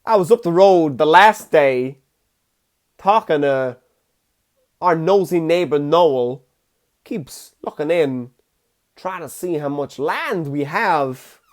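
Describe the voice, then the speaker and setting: A man doing an impression of a famous actor as an oddly urgent psychic, with halting, dramatic pauses. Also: on the high side, lively intonation. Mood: deadpan.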